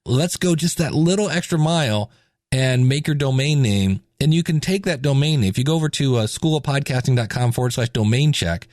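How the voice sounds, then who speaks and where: A man's voice: medium pitch, brisk, no room sound, studio quality. A man hosting a podcast, talking casually and animatedly with jokes and asides. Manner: animated, chatty, joking. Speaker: podcast host.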